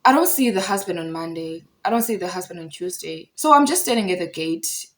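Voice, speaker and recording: Animated woman telling a story. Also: fairly low pitch, brisk. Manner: animated, repeats phrases for emphasis. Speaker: storyteller vlogger. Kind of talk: casual storytime vlog.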